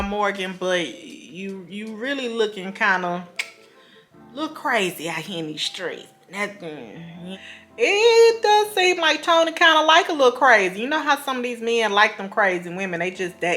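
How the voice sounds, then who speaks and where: A woman's voice: mid-range voice, a bit bright. A woman recapping a reality show in a casual, gossipy way, full of fillers and asides.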